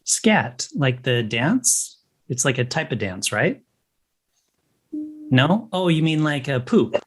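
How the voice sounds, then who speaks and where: A man's voice: mid-range voice, big pitch swings, slow pace. A man guest on a podcast, joking in a dry, understated way. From United States. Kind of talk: casual chat.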